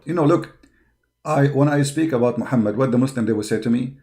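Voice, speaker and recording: A man with a gravelly, creaky voice holds forth in a heated monologue. He circles back on his own words, stacks up fillers, and presses every point with confrontational force. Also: mid-range voice, quick pace, warm tone. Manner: combative, repeats words, frequent fillers. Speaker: online apologetics show host. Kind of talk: impassioned monologue.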